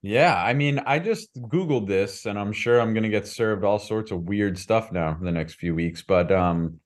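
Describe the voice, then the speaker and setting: Man, podcast co-host, relaxed banter, expressive pitch. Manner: relaxed, hedging, laughs between points. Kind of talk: casual chat.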